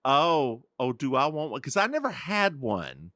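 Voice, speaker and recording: A man co-hosting a chatty podcast, teasing and playful, his pitch swinging widely as he talks. His voice is bright and forward, and the recording is dry and close, with no room sound. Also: sing-song, measured pace, dry recording. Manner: teasing, playful, repeats phrases for comic effect. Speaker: podcast co-host. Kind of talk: casual chat.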